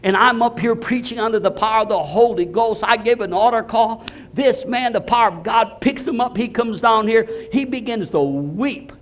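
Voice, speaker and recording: An older pastor tells a church story in a high voice, jumping from quiet murmurs to loud, excited exclaims. His delivery is loose and conversational, full of restarts. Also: moderate pace, a little hiss or hum. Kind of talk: storytelling sermon.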